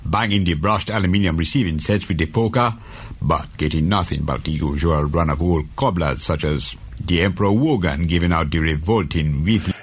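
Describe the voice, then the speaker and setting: A man's voice: low-pitched, normal speed, slightly rough. A man doing a blustering dictator on the radio. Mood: grandiose. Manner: grandiose, rambling radio patter. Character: blustering male dictator hosting a radio show. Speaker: comedian on an old record.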